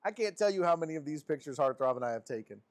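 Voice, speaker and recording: A man hosts a live sports stream and reads viewer messages aloud. His voice sits a little high for a man and swings up and down a great deal, so he sounds lively and affectionate. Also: racing. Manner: animated and affectionate, with frequent laughs and pitch jumps.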